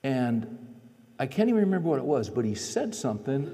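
A man tells a story from the pulpit in a relaxed, folksy way, voicing the people in it as he goes. His voice is mellow and darkish, sitting at an average pitch. The sound rings with the long reverb of a large hall. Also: a little fast. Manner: conversational, folksy storytelling with quoted dialogue. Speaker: preacher. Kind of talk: storytelling sermon.

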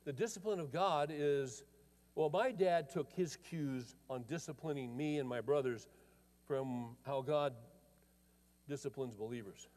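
A man's voice: a little high, a little slow, darkish tone. An older man preaching a sermon in a folksy, conversational way, telling family stories and often restarting his phrases. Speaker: pastor. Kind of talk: storytelling sermon. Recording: long reverb of a large hall.

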